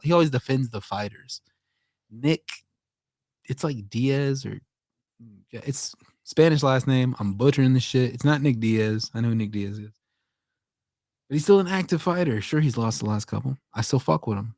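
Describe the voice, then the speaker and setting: Animated swearing podcast guy. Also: medium pitch, normal speed, dry recording, studio quality. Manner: animated, swearing, does mock voices when quoting. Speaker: podcast co-host. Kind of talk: casual chat.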